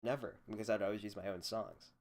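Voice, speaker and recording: A man's voice: lowish voice, steady tone, fast. A young man hosting a solo podcast, ranting in a profane, rambling, sarcastic way into a desk microphone. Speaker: podcast host.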